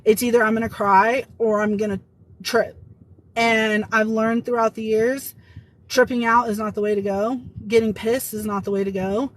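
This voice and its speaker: A woman telling a personal story in a casual vlog, retelling a workplace confrontation with quoted dialogue in an emotional, animated way. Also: fairly high pitch, moderate pace, rough recording. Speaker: vlogger.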